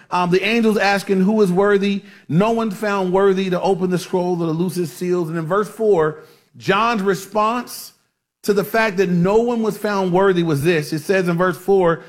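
High pitched guy preaching, chatty, lots of restarts and you knows. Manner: conversational with many restarts and fillers; asks the congregation for amens. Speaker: pastor. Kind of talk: sermon.

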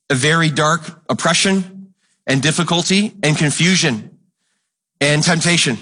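Man, pastor, sermon, high voice, bright tone, earnest repetition, acts out dialogue. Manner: earnest, impassioned preaching with repeated phrases; acts out Bible exchanges in a raised, higher voice.

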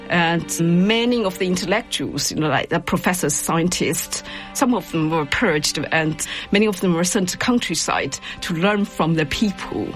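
A woman expert speaking in a deliberate, emphatic way in an interview clip. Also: fairly low pitch. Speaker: expert guest.

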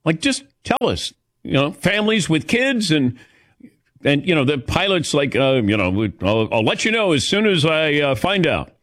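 Animated man hosting a chat show. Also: on the high side, moderate pace, no echo, studio quality. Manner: animated storyteller, calls on co-hosts. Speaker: host. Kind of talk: casual chat show banter.

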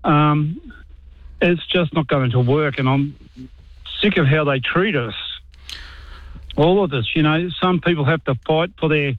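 Aussie army vet on the phone, tired and fed up, stops and starts, dry tinny line. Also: male voice, a little high, no echo. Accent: Australian. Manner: weary, halting, frustrated. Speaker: caller, army veteran. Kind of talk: talkback phone call.

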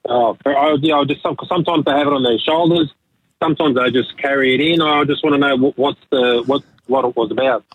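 A man's voice: medium pitch, steady tone, a little fast, no echo. An Australian man calling a radio show, asking a curious question hesitantly. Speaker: caller. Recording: husky phone line.

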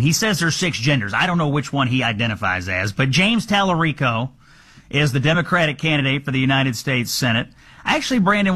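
A man's voice: mid-range voice, bright, forceful tone. A man hosting a political talk show, asking pointed, sarcastic questions. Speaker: host.

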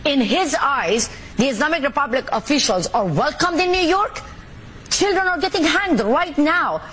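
A woman from the Middle East, an activist speaking forcefully and with indignation in an interview. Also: high voice, a little hiss or hum. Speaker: activist guest.

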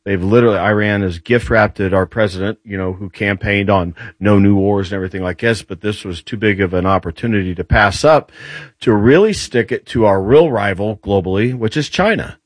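A man appearing as a guest on a talk show, explaining military and global matters in a lively, animated way with frequent restarts. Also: lowish voice, brisk, no echo.

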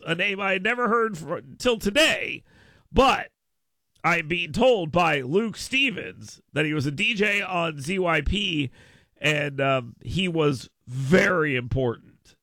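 Sarcastic gravelly radio host. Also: male voice, a little high, no echo. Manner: sarcastic, mock-petty, swinging from mutters to hyped shouts. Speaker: radio talk show host. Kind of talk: sarcastic talk radio monologue with live ad reads. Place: radio studio. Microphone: studio microphone.

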